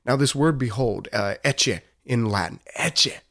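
A man's voice: medium pitch, expressive, a little slow, a bit bright. A young man hosting a casual faith podcast, talking earnestly and rambling, with frequent fillers and laughs. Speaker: podcast host.

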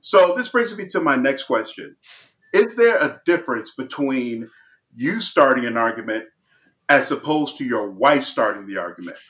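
A man's voice: medium pitch, animated, moderate pace, fairly bright tone. A man co-hosting a casual chat show. He laughs often and acts out quotes. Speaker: podcast co-host.

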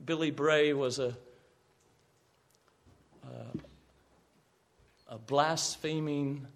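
A man's voice: mid-range voice, fairly even intonation, drawn-out words, creaky. A man pastor preaching a sermon with earnest emphasis, sometimes repeating words and raising his voice on quoted cries.

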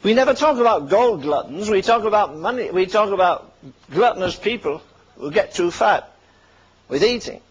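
A man's voice: high voice, expressive, normal speed, breathy edge, poor audio. An older man preaching a fervent sermon, firing punchy rhetorical questions and dropping dry asides between warnings.

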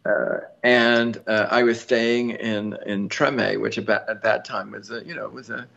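Chatty man with a gravelly voice. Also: lowish voice, fairly even intonation, a little slow, fairly bright tone, highs cut off. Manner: rambling, chatty, with many fillers and restarts; laughs easily. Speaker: lottery winner guest. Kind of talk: casual storytelling interview.

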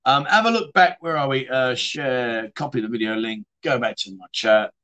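A man's voice: mid-range voice, normal speed, pushed and bright. A middle-aged man, hosting a casual livestream chat show, reading viewer comments and rambling into stories with matey banter. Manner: chatty, rambling storyteller with mates' banter.

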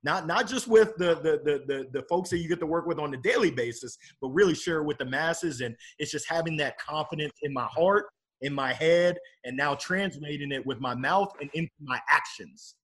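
A man's voice: fairly high pitch, normal speed, a bit bright. A middle-aged man speaking as a podcast guest in a casual, upbeat and motivational way about faith and his work.

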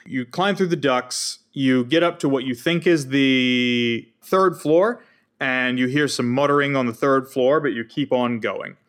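A man's voice: mid-range voice, a little slow, a bit bright. A man narrating a tabletop role-playing game as game master, in an easygoing, descriptive way.

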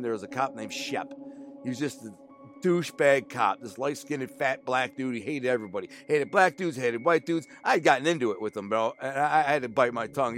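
Man, 40s, candid storyteller; casual street slang, animated retelling with quoted dialogue, mid-range voice. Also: mid-range voice.

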